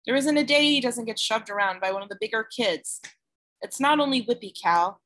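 An anxious, protective teenage girl, as a woman reading a storybook puts her on. She speaks earnestly and tensely in a bright, slightly raised voice. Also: fairly high pitch, expressive, brisk.

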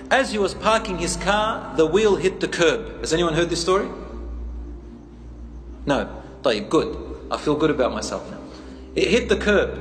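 Male preacher, engaging storyteller, fairly high voice, echoey hall recording. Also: a bit bright. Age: adult, a teacher. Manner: engaging, questions the audience, tells stories. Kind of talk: sermon. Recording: echoey hall, faint ambience.

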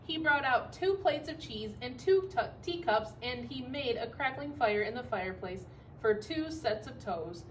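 Teacher reading a picture book aloud, a woman with a somewhat high voice, expressive, recorded from a distance. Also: slight background noise. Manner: expressive, pausing to comment for young listeners.

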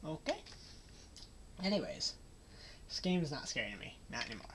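A woman with a low-pitched, very animated voice plays a horror video game as a let's play gamer, speaking at normal speed. Her commentary is sarcastic, joking, and mock-cheerful, with loud game music behind her and slight background noise.

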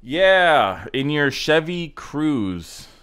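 A man's voice: fairly high pitch, sing-song, very slow, fairly bright tone, clear, resonant tone. Guy roasting car clips, swearing a lot, sarcastic casual rant. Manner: sarcastic, ranting, profane roasting. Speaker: host reacting to car clips. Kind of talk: casual reaction commentary.

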